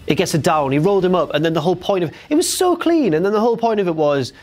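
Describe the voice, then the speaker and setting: Young host, casual and jokey, slightly higher voice, faint music underneath. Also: male voice, racing, a little mellow. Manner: jokey, chatty, breaks into silly impressions. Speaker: host of a wrestling recap show. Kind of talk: casual chat, recap.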